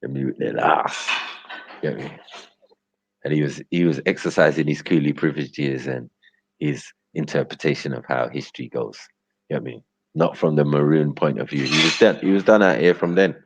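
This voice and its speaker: A man's voice: a bass voice, normal speed, creaky, slightly rough. A man hosting a livestream, ranting casually and laughing, often asking "get me?". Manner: loose, slangy, laughing, keeps asking "get me?". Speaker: livestream host. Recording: dull lo-fi audio.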